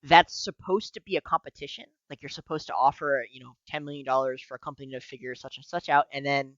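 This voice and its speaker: Bright-voiced man, profane podcast talk. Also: medium pitch, fast, no room sound, dull audio. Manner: profane, animated, laughs often. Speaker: podcast co-host. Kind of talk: casual political podcast chat.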